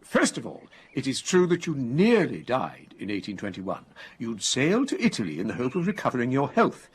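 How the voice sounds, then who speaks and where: An actor playing a well-spoken elderly English expatriate in a radio comedy, eager and explanatory. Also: male voice, medium pitch, huge pitch swings, normal speed, slightly rough, full character voice. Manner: polished, eager, lecturing.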